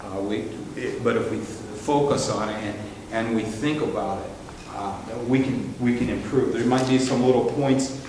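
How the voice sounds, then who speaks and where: A man's voice: on the low side, moderate pace, noisy background. A man presenting a live seminar to a music ministry team, talking in a folksy, storytelling way with many fillers and restarts. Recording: roomy live hall recording with reverb.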